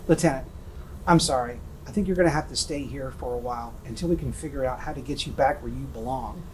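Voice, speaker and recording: A man's voice: medium pitch, quick pace, darkish tone, rough recording. Earnest man, faint room noise. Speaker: naval captain in film.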